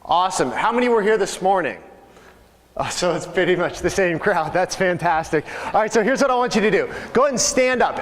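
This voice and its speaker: Energetic high-voiced man rallying a crowd. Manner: energetic, joking, rallying the audience. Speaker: real estate coach and speaker. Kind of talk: live seminar talk to a crowd. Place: large seminar room. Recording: long hall reverb.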